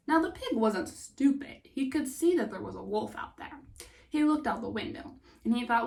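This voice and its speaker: Woman, storyteller, hushed whispers, unhurried, fairly high voice, mic at a distance. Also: lively intonation, vocal fry.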